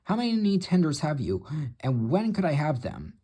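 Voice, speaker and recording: A vain, jealous storybook steam engine, boastful and petulant, voiced by a man reading aloud. The voice is husky and bounces with lively pitch. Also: normal speed, heavily acted. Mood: eager.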